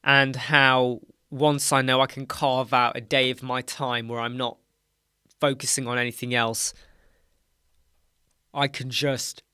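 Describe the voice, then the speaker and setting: A man's voice: mid-range voice, level tone, unhurried, pushed and bright, clear, resonant tone, no room sound, clean studio sound. A tired British man hosting a live Q&A stream, explaining things casually with rambling self-corrections. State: tired, yawning. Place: dark home studio with soundproof panels.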